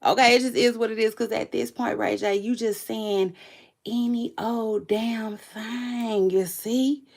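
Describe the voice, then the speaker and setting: A woman hosting her own vlog, chatting casually to viewers about celebrity gossip in front of a camera, sassy and animated, repeating her lines for emphasis. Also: on the high side, measured pace, vocal fry. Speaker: vlog host. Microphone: camera mic.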